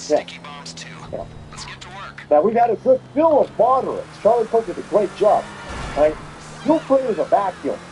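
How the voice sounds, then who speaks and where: A man's voice: sits high, big pitch swings, a little slow, long pauses, dark tone, slight background noise, low-quality recording. A man hosting a podcast, delivering an angry, profane, mocking political rant. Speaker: podcast host.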